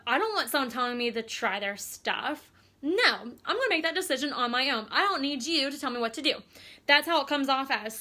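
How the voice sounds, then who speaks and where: Young adult woman, high voice, bright tone, chatty, casual team training talk. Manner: chatty, filler-heavy, upbeat. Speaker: team leader.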